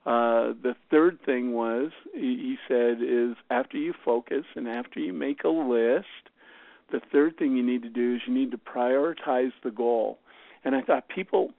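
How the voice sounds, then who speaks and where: Man, team leader on a call: gravelly voice, rambling pep talk with lots of fillers, dry tinny phone sound. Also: medium pitch, normal speed, dry recording. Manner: rambling, full of fillers and restarts. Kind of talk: motivational talk on a conference call.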